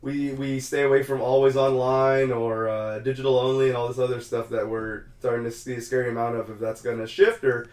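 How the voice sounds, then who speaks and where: A man hosting a podcast, chatting casually about gaming news with relaxed, rambling delivery. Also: mid-range voice, brisk, few pauses, roomy sound. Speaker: podcast host.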